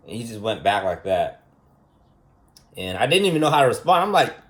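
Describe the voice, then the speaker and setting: A man's voice: mid-range voice, big pitch swings, fairly quick. A man giving a casual, unscripted monologue lesson as a vlogger, rambling and emphatic, repeating himself and asking rhetorical questions.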